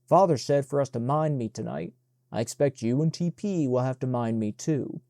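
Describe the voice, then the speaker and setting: A man reading the part of a bossy, proud young girl, in a mellow voice. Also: medium pitch, normal speed, vocal fry, no room sound, studio quality, lightly acted.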